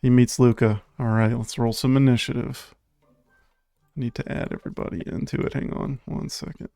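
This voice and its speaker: A relaxed male game master describing dark scenes and calling for rolls. His voice sits at an average pitch and sounds close and dry, with no room echo. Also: normal speed, gravelly. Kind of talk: running a tabletop game.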